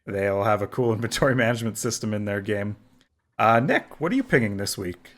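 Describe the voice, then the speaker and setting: A man's voice: lowish voice, lively intonation, a little fast, a bit bright. Easygoing man leading a gaming podcast. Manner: easygoing, leads the segments with curious questions. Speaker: podcast host. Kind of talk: casual podcast chat.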